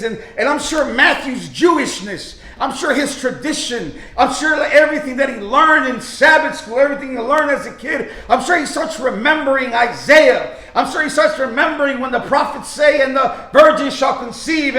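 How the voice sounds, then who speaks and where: High-voiced man preaching in an echoey church. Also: pushed and bright. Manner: fervent preacher with many restarts, acting out quoted lines. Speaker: pastor. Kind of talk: sermon. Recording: echoey room.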